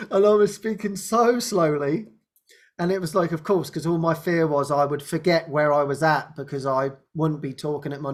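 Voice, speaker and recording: A man hosting an online spiritual show, telling a personal story in a rambling, laughing way and dropping to a soft hush at tender moments. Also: a little high. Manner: rambling, laughs often, softens to a hush when speaking as Jesus. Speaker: host. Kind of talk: casual spiritual sharing. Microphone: video call microphone.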